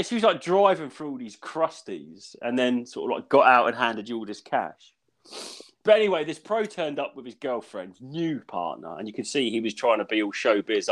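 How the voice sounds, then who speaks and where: A man, a comedian co-hosting a podcast, telling gig stories in casual chat and acting out the people he quotes. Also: medium pitch. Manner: animated storyteller, acts out quotes.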